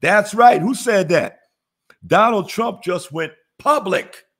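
Animated man teaching a money webinar. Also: high-pitched, takes it slowly. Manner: preachy, call-and-response, laughs at own jokes. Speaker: webinar host, business funding teacher. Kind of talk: casual motivational webinar teaching.

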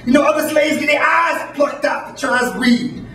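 Guy doing a cruel slave master yelling at a kid, pitched way up, echoey room, far off mic. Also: fairly even intonation, moderate pace, soft background music. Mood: furious. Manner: yelling, scolding, repeats "boy".

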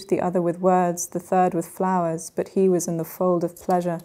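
A woman reading a translated old tale aloud at a university workshop, with a measured, even delivery. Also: lowish voice. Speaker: reader of her own translation.

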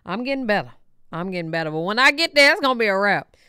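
A woman with a smooth, clear voice gives blunt, casual gossip commentary, cussing freely and acting out quoted back-and-forths. The sound is dry and close. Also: mid-range voice, expressive, racing, pushed and bright, no echo. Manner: blunt, swears freely, tells stories with quoted dialogue. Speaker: co-host of a gossip reaction show.

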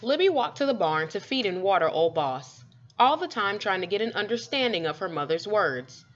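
A woman reading a children's story aloud with expressive, lively storytelling. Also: medium pitch, moderate pace. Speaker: storybook reader. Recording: dull lo-fi recording.

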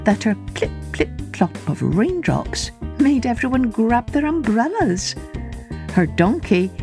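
A woman hosting a children's podcast, telling a story in an expressive, unhurried read-aloud manner. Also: mid-range voice, over music.

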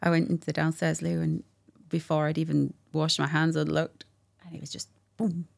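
A woman telling a personal story as a guest in a candid conversation, animated and acting out what people said, with frequent laughs. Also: low-pitched, moderate pace, creaky. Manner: animated, acts out quotes, laughs often.

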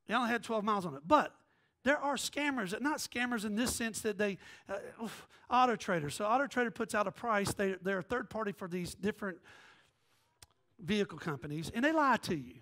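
A man's voice: high-pitched, brisk. A man preaching a sermon as pastor, telling a story with quoted voices and jokes. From American South. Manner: animated, joking, jumps between quoted voices.

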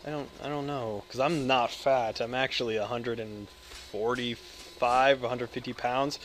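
A man's voice: mid-range voice, steady tone, a little slow, a little hiss or hum. A man in his twenties with an American accent, hyper and joking, rambling with lots of swearing over his gameplay commentary. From United States. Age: 20s. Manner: hyper, joking, profane, self-interrupting. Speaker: gaming video creator.

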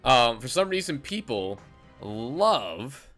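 A man's voice: mid-range voice, very animated, slow, a bit bright. A young man giving casual, chatty commentary over an online game, with frustrated asides and stumbling restarts. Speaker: gameplay commentator. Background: faint intro music.

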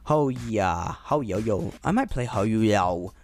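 A man giving casual, excitable and playful commentary over his own gameplay. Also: lowish voice, a little slow, faint music behind. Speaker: gamer commentator.

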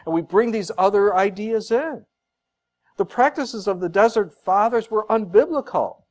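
A man's voice: high-pitched, a little mellow. A man preaching a sermon as pastor, earnest and conversational, repeating points for emphasis with casual asides.

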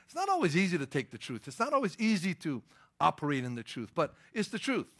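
A man's voice: a little high, wildly swooping pitch, fast talker, a bit bright. A middle-aged man preaching a sermon as pastor, emphatic and punchy, mixing scripture with personal stories. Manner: emphatic preaching with rising, stressed lines and storytelling asides.

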